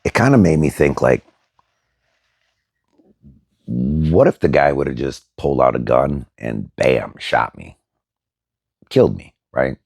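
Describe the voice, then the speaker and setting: A man's voice: very deep voice, lively intonation, slow pace, gravelly, pauses often, a little mellow, breathy edge, no echo, clean studio sound. A middle-aged man telling a story casually to his viewers, blunt and profane, with many fillers. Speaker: vlogger.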